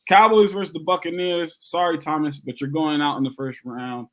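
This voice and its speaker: A man co-hosting a casual sports podcast, animated and repeating his points for emphasis. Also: a little high, brisk. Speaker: podcast co-host.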